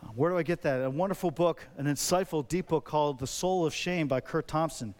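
A man preaching a sermon as a pastor, talking conversationally with many rhetorical questions and lively, animated delivery. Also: a little high, a little fast.

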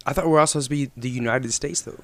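A man chatting casually on a podcast, swearing freely and bantering in an animated way. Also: medium pitch, quick pace, no room sound. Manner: profane, animated, agreeable banter.

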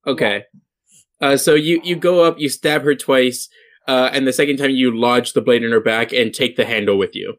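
A man running a tabletop game as game master, talking in a halting way full of ums. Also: mid-range voice, fairly bright tone.

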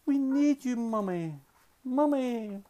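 Peppa Pig, a dad putting on a bouncy piglet. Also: male voice, expressive, slow pace, mellow, slight background noise, heavily acted. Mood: eager. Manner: eager, high and bouncy calls. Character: cheerful excitable little girl pig. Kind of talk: bedtime storybook reading.

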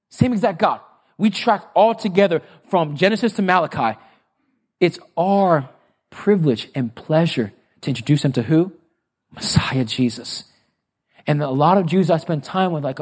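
A male pastor preaching a sermon, emphatic and animated, asking the congregation to fill in the answers to his questions. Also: a little high, slightly rough. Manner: emphatic, with sudden bursts of speed and drawn-out phrases.

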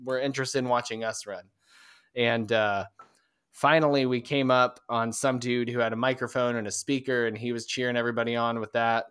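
A man's voice: medium pitch, flat delivery, fairly bright tone, clean tone, no room sound. Chatty man with a dry close sound. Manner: rambling, halting storyteller with frequent fillers and restarts. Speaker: podcast co-host. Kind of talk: casual chat.

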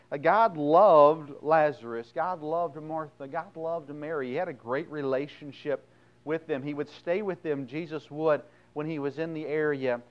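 A man delivers a sermon with a smooth, resonant voice. He reads scripture aloud, then retells it bluntly, swinging from loud emphasis to quiet asides. The recording sounds a little dull and lo-fi. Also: fairly high pitch. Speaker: pastor.

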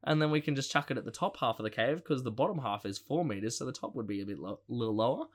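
A man co-hosting a podcast, chatting casually and excitedly, laughing often and using lots of fillers. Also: mid-range voice, fast talker. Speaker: podcast co-host. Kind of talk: casual chat.

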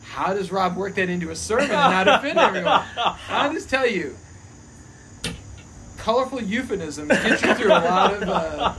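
A man in his fifties, a former pastor, telling lively childhood stories in a casual podcast chat, laughing often. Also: sits high, moderate pace. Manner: animated storyteller, laughing often. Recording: noisy recording.

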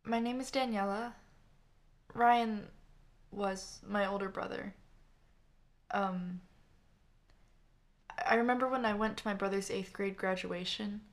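A woman narrator voicing a grieving young woman who gives a halting, tearful eulogy for her brother. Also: medium pitch, fairly even intonation. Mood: reminiscing.

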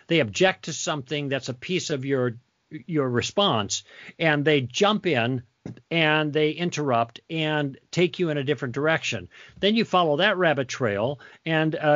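A man's voice: a little high, expressive, moderate pace, a bit bright, no echo. Man, author guest, teacherly explainer who plays out sample dialogue; plain mid voice, dull dry lo-fi sound. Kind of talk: interview, explaining conversation tactics.

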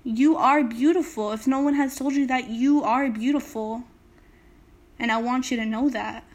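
Her voice is high-pitched and darkish, with fairly even intonation and a moderate pace. A young Salinas, California woman hosting a laid-back motivational podcast, she speaks directly to listeners, telling emphatic stories laced with swearing.

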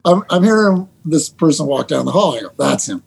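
A middle-aged man, a basketball head coach, telling animated stories with laughter and quick restarts in a casual interview. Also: fairly high pitch, gravelly, slightly rough. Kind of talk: storytelling guest in a casual interview.

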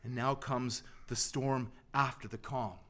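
Earnest preacher man, loud to hushed. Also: fairly high pitch, normal speed. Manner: earnest, swings from loud emphasis to hushed, near-whispered lines. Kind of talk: sermon.

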